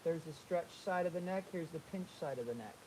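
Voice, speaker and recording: A man's voice: fairly high pitch, brisk, a little mellow, a little hiss or hum, poor audio. A man teaching figure drawing, talking through a live sketch with energy and repeating key phrases as he draws. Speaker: art instructor.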